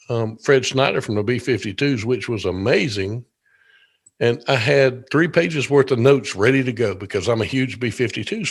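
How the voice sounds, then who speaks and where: A man from Georgia, hosting a casual interview show and talking in an easygoing, rambling way. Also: mid-range voice. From Georgia, USA. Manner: easygoing, rambling, many fillers. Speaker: podcast host.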